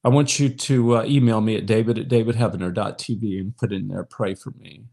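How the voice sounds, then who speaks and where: A middle-aged man leading an online prayer talk, speaking straight to viewers with emotion, swelling to impassioned peaks and sinking soft again. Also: fairly low pitch, steady tone, brisk, creaky. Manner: direct address to viewers, frequent fillers. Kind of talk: livestream devotional talk.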